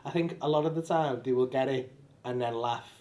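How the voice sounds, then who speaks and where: Speaking in a medium-pitched voice with a darkish tone, a male comedian casually chats backstage after performing. Expect blunt, sweary, fast back-and-forth, recorded in a room that echoes.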